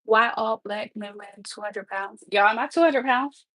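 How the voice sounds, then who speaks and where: A woman's voice: fairly high pitch, moderate pace, a bit bright, no echo, poor audio. A young woman chats on a livestream as she cooks, answering her chat in a sassy, teasing way. Her voice is close to the mic and dry, with no room around it. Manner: sassy, talks back to the chat. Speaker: live streamer. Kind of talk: casual livestream chat while cooking.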